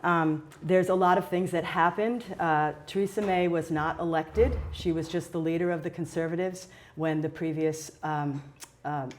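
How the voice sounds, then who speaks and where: Chatty American woman teacher, lowish voice. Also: fairly even intonation, moderate pace, slight background noise. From United States. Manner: chatty, sprinkles fillers. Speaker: teacher interviewed as guest. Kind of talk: relaxed interview answers.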